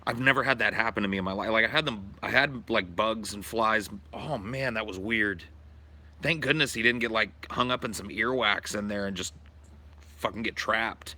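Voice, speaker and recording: Profane, bright-voiced male streamer. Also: fairly low pitch, moderate pace. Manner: loose, profane, rambling. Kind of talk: casual livestream chat. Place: backyard at night, outdoors.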